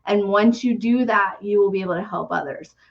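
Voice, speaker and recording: A woman hosting a live numerology reading, talking gently and earnestly with soft fillers and small laughs. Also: mid-range voice, brisk, gravelly. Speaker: numerology reader and podcast host. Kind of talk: live reading on a video call. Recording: dull lo-fi stream audio.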